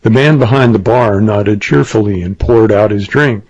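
A man's voice: on the low side, moderate pace, a little mellow. Man reading a western story aloud. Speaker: audiobook narrator. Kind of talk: scripted narration. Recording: dull lo-fi dry recording.

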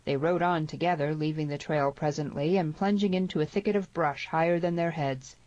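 A woman with a lowish voice narrates a western novel in a steady, measured way. The recording is dry and a little dull. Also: dry recording. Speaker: audiobook narrator. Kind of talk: scripted storybook narration.

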